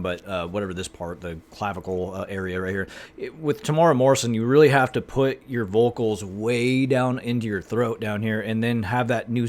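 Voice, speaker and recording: An American man chats to his viewers in a loose, rambling vlog style. He fills pauses with ums and uhs and drifts between topics casually. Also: mid-range voice. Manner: rambling, chatty, many fillers. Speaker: YouTuber. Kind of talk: casual vlog talk to camera.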